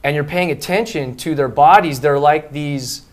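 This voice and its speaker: Earnest man full of restarts. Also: a little high. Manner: earnest, halting, many restarts and "like". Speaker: relationship coach, co-host. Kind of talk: casual panel discussion.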